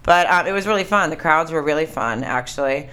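A woman's voice: sits low, a little fast, bright, forceful tone, smooth. A young woman co-hosting a podcast, telling a rambling story with laughs in a casual chat. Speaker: podcast co-host, comedian.

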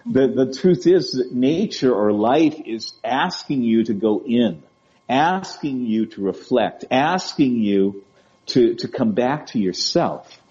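A man talks gently as an interview guest, in a warm, relaxed voice. He often stumbles over and repeats his words, and he keeps checking in with his listener. The audio sounds dull and lo-fi. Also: medium pitch, slow pace. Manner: gentle, repeats and restarts words, often asks "right?" and "you know?". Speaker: guest speaker on emotional wellbeing. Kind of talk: conversational interview.

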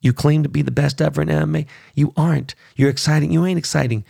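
A man's voice: fairly high pitch, steady tone, fast, vocal fry, few pauses, dark tone, husky, no echo, clean studio sound. A man hosting a podcast, ranting bluntly and profanely about sports and his life. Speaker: podcast host. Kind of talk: casual rant.

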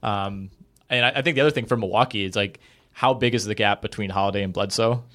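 A podcast co-host talks basketball trades casually, hedging his takes with many fillers. He's a fast talker with a fairly low pitch and a slightly bright sound.

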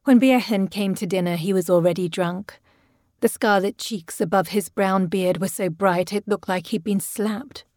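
Woman reading a gothic story, even and measured, dry sound. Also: mid-range voice, dry recording. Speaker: audiobook narrator. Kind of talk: scripted narration.

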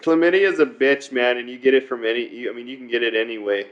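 A man's voice: mid-range voice, fairly even intonation, fast talker. A man in crude casual banter, profane and rambling, often restarting and repeating himself. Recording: dull lo-fi recording.

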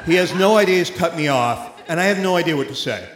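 A man telling a personal story on stage at a live event, animated and often laughing as he speaks. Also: fairly high pitch, fast. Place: theater stage before an audience. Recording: roomy live hall with faint noise.

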